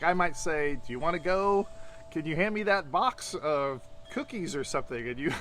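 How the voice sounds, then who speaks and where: A man's voice: high-pitched, fairly bright tone, slight background noise. A man, a tantra teacher, explaining ideas in casual chat and acting out quoted lines with animation.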